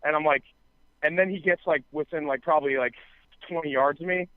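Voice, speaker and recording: A man's voice: on the high side, fairly even intonation, a little fast, clean tone, no echo. A man on a podcast telling a long story in casual chat, full of fillers and swearing, acting out what others said. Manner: rambling, filler-heavy, profane, acts out quoted dialogue. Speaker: podcast co-host. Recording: dry, tinny phone-like sound.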